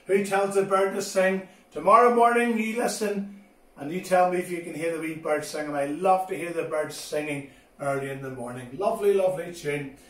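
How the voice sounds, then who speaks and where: A high-voiced man preaches to children in an animated way. He swings between loud, bright exclamations and soft, low asides. The voice sounds echoey and a little distant, as if the mic is across the room. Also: normal speed. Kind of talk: children's sermon.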